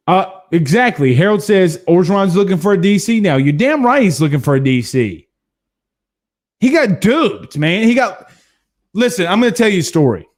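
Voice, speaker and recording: A man in his thirties from Louisiana hosting a casual sports stream, reading viewer comments and telling stories in a blunt, animated way. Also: high-pitched, normal speed. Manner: animated storyteller, hums drum beats, blunt. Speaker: sports show host.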